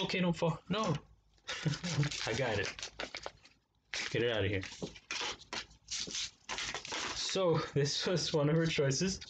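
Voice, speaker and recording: A man's voice: mid-range voice, noisy background. A man reviewing knives in a casual unboxing vlog, talking to viewers in a laid-back, slangy way. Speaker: knife reviewer.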